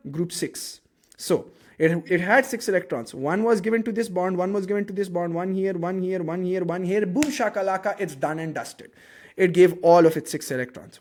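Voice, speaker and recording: A man teaches chemistry in a loose, playful way. His voice sits high for a man, and he counts electrons aloud as he draws while teasing his own sketches. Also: darkish tone. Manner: jokey, self-mocking, counts aloud while drawing. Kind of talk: casual classroom lesson.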